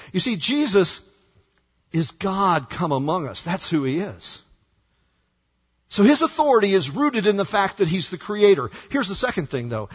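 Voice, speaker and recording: A male pastor preaching a sermon with dramatic swings from hushed words to shouts. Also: fairly high pitch, slightly rough, long reverb tail.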